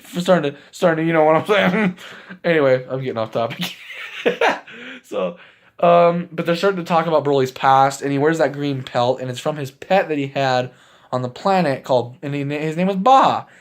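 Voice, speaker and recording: Guy doing a rambly movie recap, kinda high voice, tons of "like", laughs a lot. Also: normal speed. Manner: rambling, filler-heavy, excitable, laughs often. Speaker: movie reviewer. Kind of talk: casual spoken movie recap.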